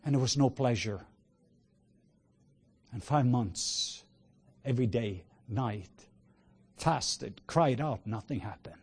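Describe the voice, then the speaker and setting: A man preaching a sermon with passion, moving between hushed words and loud exclamations. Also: mid-range voice, slow pace, pauses often, breathy edge. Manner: sprinkles in laughter and cries of "whoa".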